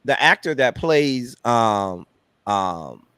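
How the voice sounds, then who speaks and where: A man's voice: mid-range voice, big pitch swings, takes it slowly, pushed and bright, clean tone, no room sound. Guest reviewer, male, from Miami with a Miami accent; earnest, reflective, mid-range voice, close dry mic. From Miami, Florida. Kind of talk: casual movie discussion.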